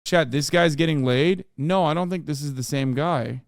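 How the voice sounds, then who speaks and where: A man's voice: on the high side, moderate pace, vocal fry, no room sound, clean studio sound. A man in his thirties streaming casual, profane reaction commentary, ranting and mocking in an exasperated way.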